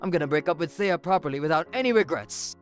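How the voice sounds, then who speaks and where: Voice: mid-range voice, lively intonation, fast talker, faint music behind, close to an everyday voice. A voice actor playing an evasive, flustered cheating husband who stammers through excuses. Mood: pleading.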